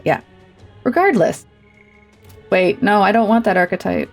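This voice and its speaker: A woman's voice: mid-range voice, animated, measured pace, gravelly, faint music behind. A woman streaming a video game, chatting casually and thinking aloud with self-deprecating asides. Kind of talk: casual let's-play commentary.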